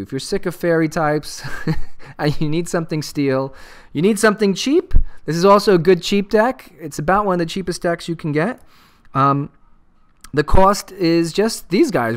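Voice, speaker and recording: A man hosts his card game channel in a loose, joking style, full of fillers and restarts. His voice sits fairly high for a man. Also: clear, resonant tone. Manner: rambling and joking, with many fillers. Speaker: channel host. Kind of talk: casual card game commentary.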